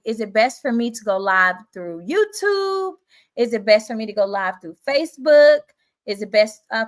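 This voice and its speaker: A woman with a Southern twang coaches teachers on a live stream, chatty and encouraging as she answers her viewers. Her voice sits fairly high. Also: a bit bright. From Southern United States.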